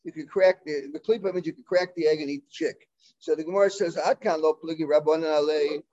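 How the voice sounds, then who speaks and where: Guy with a high voice teaching talmud, lots of uhs and restarts, kinda muffled sound. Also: fairly even intonation, darkish tone. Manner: halting, full of fillers and restarts, mixing Hebrew and Aramaic terms. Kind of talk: Talmud class lecture.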